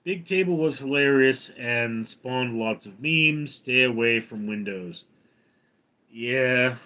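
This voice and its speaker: A man hosting a casual livestream, rambling with halting restarts. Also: medium pitch, pushed and bright. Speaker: livestream host.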